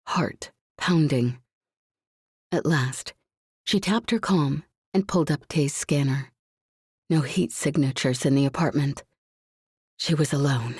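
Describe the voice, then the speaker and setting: A woman narrating a suspenseful science fiction audiobook in a measured, tense reading. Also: sits low, a little mellow, slightly rough, no room sound, studio quality.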